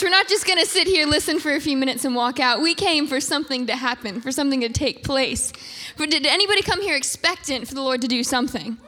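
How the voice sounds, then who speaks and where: A woman with a high, sharp, bright voice preaches fervently, calling out questions to rouse the congregation. Her voice rings through a reverberant church sanctuary with a faint crowd and background noise. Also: fast. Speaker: guest preacher. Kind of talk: energetic sermon opening.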